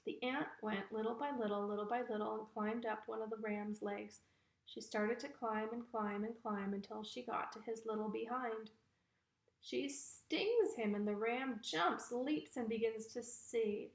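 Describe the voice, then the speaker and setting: A woman storyteller narrating a children's folk tale in a lively storytelling manner. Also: fairly high pitch, a little slow, creaky. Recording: roomy echo.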